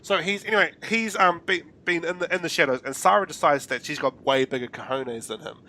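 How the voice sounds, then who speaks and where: A man co-hosting a podcast, recapping an episode in animated casual chat full of fillers. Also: a little high, brisk. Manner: animated storytelling with many fillers. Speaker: podcast co-host.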